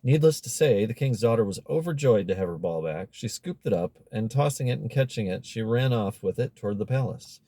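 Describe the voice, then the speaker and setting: A man reading a novel aloud as an audiobook narrator, measured and expressive. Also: lowish voice, no room sound. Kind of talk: scripted narration.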